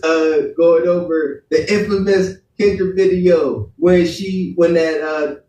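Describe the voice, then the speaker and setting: A high-pitched man chats casually and wryly, using a lot of slang and laughing easily. The voice sits back from the mic, and the room is echoey. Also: dark tone, far from the mic. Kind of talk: casual podcast commentary.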